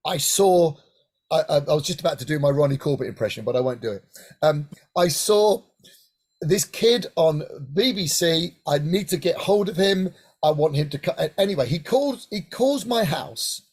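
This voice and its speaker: Husky middle-aged man telling stories. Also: fairly high pitch, moderate pace. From England, Hampshire. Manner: animated anecdotal, frequent "right?" asides. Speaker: guest singer-songwriter. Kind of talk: casual interview storytelling.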